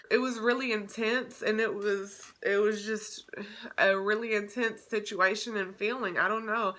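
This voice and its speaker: A woman's voice: mid-range voice, fairly even intonation, unhurried, fairly bright tone. A young woman telling a story in a casual vlog, chatty and emotional, with many restarts. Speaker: vlogger.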